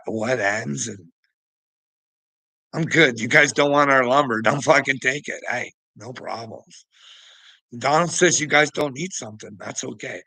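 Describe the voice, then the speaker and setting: Gravelly man ranting. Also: medium pitch, pushed and bright, no echo, poor audio. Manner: profane, combative, scornful, laughs often. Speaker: vlogger. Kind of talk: ranting commentary.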